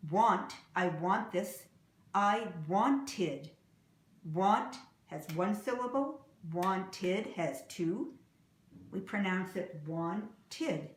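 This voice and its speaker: A woman teaching English pronunciation, saying example words slowly and clearly and repeating them. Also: medium pitch, lively intonation, echoey room, a little hiss or hum. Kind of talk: slow, deliberate pronunciation lesson.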